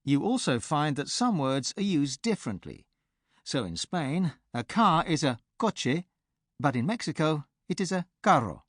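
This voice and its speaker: A man presenting a pronunciation course in a clear, measured teacher's delivery, recorded close on a studio mic. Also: a little high, no room sound. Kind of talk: scripted instructional narration.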